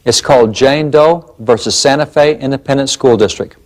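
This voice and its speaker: A man's voice: medium pitch, moderate pace. A man presenting a documentary lecture, emphatic and fond of rhetorical questions.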